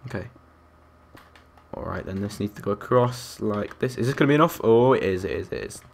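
A man's voice: lowish voice, fairly quick, gravelly. Chatty man streaming a game. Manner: chatty, counts aloud, reacts to chat and other players. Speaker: gaming live streamer. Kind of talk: live gameplay commentary.

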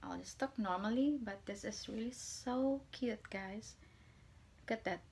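A woman vlogger chatting softly through a casual unboxing and gushing over small things. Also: medium pitch, unhurried, creaky, husky. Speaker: vlogger reviewing gear.

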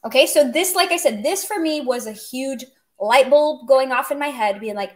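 A woman's voice: high-pitched, expressive, normal speed. Chatty woman teaching a language lesson. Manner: chatty, explains with humor and asides. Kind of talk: casual online language lesson.

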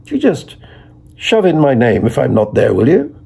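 A man's voice: medium pitch, huge pitch swings, moderate pace, creaky, warm tone, slightly rough, full character voice. A man reading the part of a chatty, eager middle-aged Dubliner who ingratiates himself while asking favors.

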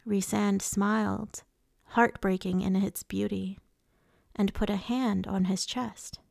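A woman narrating a novel in the first person, in a measured reading voice. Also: medium pitch, fairly even intonation, gravelly, a little mellow, no echo, clean studio sound. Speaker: audiobook reader.

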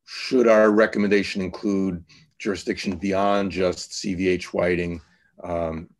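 Deep-voiced man chairing a meeting. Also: little pitch movement, unhurried. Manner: hesitant, many fillers and restarts. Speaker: task force chair. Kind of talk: online meeting discussion.

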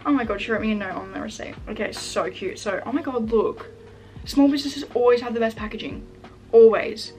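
A young woman vlogger chatting casually while unboxing packages at home, gushing and excitable, full of "like" fillers. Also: on the high side, quick pace. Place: room at home. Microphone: camera set up in front of her.

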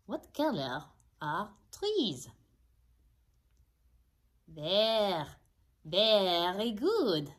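A bright, friendly furry puppet, played by a woman, teaches little ones in a children's puppet show. Her voice leaps up and down in a big sing-song as she stretches each word out very slowly so the kids can copy it. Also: medium pitch, heavily acted. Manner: slow, exaggerated, sing-song repeating for kids. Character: cheerful blue-haired furry puppet teacher.

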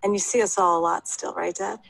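Husky woman gently interviewing her father. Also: on the low side, fairly even intonation, brisk, low-quality recording. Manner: gentle, patient prompting. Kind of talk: recorded family interview.

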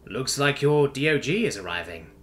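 A man voicing a calm taloned alien crewman. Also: mid-range voice, moderate pace. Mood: matter-of-fact. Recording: faint music underneath.

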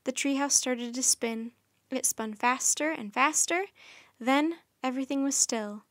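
Reading a children's chapter book at storytime, this woman's voice sounds high and light. She narrates kindly and warmly without rushing, and the close, dry recording has no room echo.

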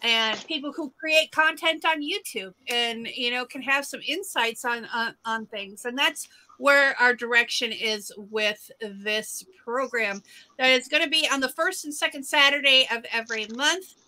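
High bright woman hosting a livestream. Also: measured pace, low-quality recording. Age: 40s. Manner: rambling, many fillers and restarts. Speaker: livestream host. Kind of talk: casual livestream chat.

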